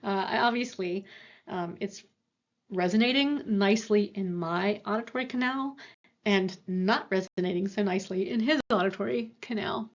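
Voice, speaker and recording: A woman lecturer explains at a moderate pitch, stopping often for fillers and restarting her sentences. The recording sounds a little dull and muffled. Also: normal speed. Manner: explanatory, with frequent fillers and self-corrections. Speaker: university lecturer.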